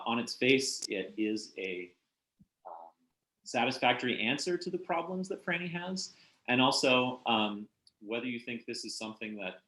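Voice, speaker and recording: A man's voice: on the low side, fairly bright tone. A man talking through a book in a casual literary discussion, thoughtful and hesitant, with many fillers and restarts. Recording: roomy echoey room.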